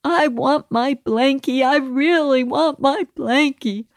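A woman's voice: sits high, no echo, clean studio sound, voice pushed up. Woman doing a whiny crying toddler boy. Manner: whiny, drawn-out pleading. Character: crying three-year-old boy wanting his blanket.

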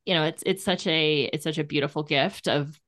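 A woman's voice: deep voice, fairly even intonation, brisk, a bit bright. A woman hosting a podcast, talking in a rambling, casual way with lots of fillers and restarts. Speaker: podcast host. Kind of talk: casual conversational interview.

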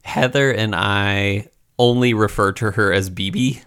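A man's voice: on the low side, unhurried, fairly bright tone, smooth. A young man co-hosting a podcast, chatting in an upbeat way and laughing often as he talks. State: expecting father. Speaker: podcast co-host. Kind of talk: casual chat.

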